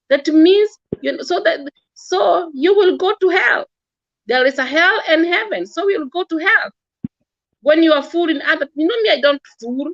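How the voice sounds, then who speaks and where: A woman's voice: high-pitched, lively intonation, moderate pace, no room sound, lo-fi sound. A woman giving impassioned religious-political commentary, earnest and scolding, often repeating and stumbling over words. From Kenya.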